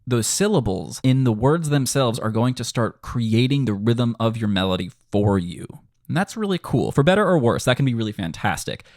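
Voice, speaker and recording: A man teaching melody writing in a casual tutorial, animated and quick, now and then singing bits of lyrics. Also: mid-range voice, no echo, clean studio sound. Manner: animated, quick bursts, sings snippets of lyrics. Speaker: music composition teacher.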